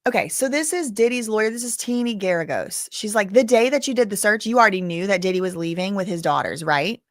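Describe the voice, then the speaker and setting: A chatty woman streams live commentary, reading news updates aloud and tossing in her own asides. She sounds tired and a bit worn down, and her voice sits at a middling pitch in a dry, close-mic sound with no room echo. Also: lively intonation, fast. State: tired, yawning.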